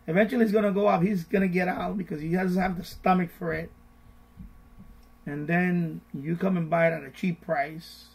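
A middle-aged man hosting a finance live stream, repeating his points in a casual, animated way and mimicking panicked voices. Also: high-pitched, normal speed, vocal fry, husky, poor audio.

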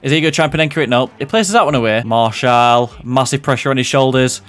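A young man commentating on a football video game he is playing, jumping between loud outbursts and low muttered asides. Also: fast. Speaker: gaming commentator.

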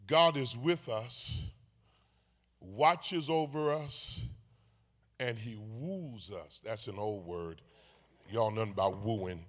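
A man preaching a sermon in a church sanctuary, calling out to the congregation, swinging between shouts and hushed asides, with playful teasing. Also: mid-range voice. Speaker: bishop preaching.

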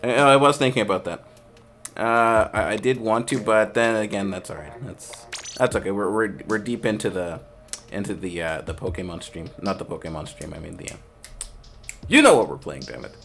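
A man casually hosting a game stream, reading chat aloud, trailing off and restarting, with bursts of excited play-by-play. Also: lowish voice, normal speed, vocal fry. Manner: excited play-by-play shouting during action. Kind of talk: casual live-stream commentary.

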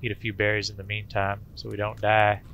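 A man with a gravelly, bright voice gives loose, folksy commentary on his game, sprinkled with playful noises. Faint noise sits behind him. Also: on the low side, completely flat delivery, brisk, lo-fi sound. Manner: rambling, folksy, with filler sounds like boop. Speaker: gaming channel host. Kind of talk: casual let's-play commentary.

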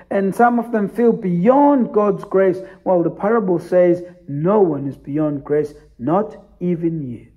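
A man's voice: sits high, warm tone. A man preaching a sermon as pastor, telling the story emphatically with repeated phrases.

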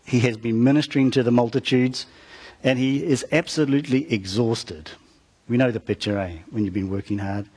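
Man, preacher, husky voice, storytelling sermon, calls out to congregation. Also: mid-range voice, a little mellow. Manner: retells a story with call-outs to the congregation.

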